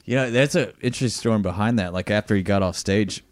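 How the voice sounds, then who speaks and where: Low-voiced male podcast host, casual and laughing, dry close mic. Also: quick pace, no room sound. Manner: laughs often, animated retelling of comedy bits. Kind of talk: casual chat.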